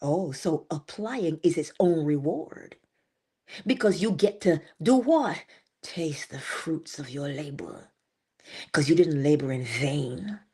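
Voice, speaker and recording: A woman hosting an inspirational livestream, talking in a playful, animated way with sudden high exclamations and soft asides. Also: slow, breathy edge. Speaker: livestream host.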